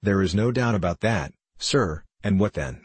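A calm, dignified old soldier answers slowly and firmly, as a man reads his part. The voice drops very deep and husky, recorded dry and close. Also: no room sound. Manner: slow, firm, measured.

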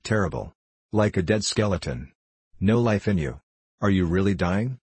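A man's voice: low voice, animated, normal speed, darkish tone, slightly rough, full character voice. A man voicing a boastful, chatty young ex-hotel attendant who plays the concertina. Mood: cheeky.

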